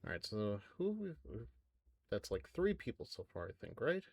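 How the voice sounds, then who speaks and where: A man's voice: lowish voice, huge pitch swings, normal speed, dry recording. A man streaming a fighting game, chatting casually and reading the game dialogue aloud in playful voices. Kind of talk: casual let's-play commentary. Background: game music.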